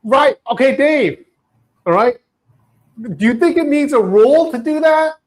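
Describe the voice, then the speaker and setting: High-voiced joking man bantering. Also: lively intonation, a little slow. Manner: joking, laughing, repeats points insistently. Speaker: co-host. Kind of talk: casual comedic banter.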